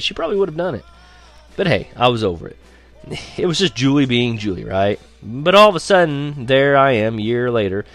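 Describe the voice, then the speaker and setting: A man reading a first-person story aloud as narrator, lively and wry. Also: mid-range voice. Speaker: audiobook narrator.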